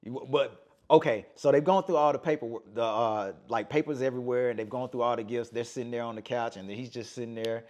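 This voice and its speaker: A man's voice: medium pitch, fast. A man on a casual podcast, retelling film scenes with energy, acting out the lines and often saying "man". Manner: animated storytelling, acts out movie lines, says "man" often. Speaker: podcast host.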